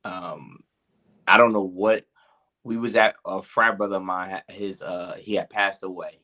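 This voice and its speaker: A man's voice: sits low, steady tone, a little slow, pushed and bright. A man co-hosting a podcast, telling a story in loose, rambling casual chat. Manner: laid-back, loose and rambling, with fillers. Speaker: podcast co-host.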